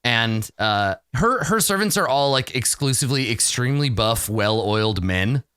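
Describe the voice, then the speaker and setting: A man narrating a tabletop game as game master, animated and giggly in his storytelling. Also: medium pitch, normal speed, clear, resonant tone, no room sound, clean studio sound.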